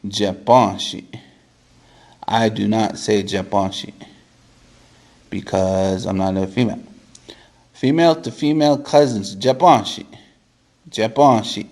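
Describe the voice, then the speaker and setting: A man leads a relaxed vocabulary lesson on camera, saying each word over and over so learners can follow. His voice sits on the low side and he takes his time, unhurried between words. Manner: repeats each word several times for practice; relaxed, joking asides. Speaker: language teacher.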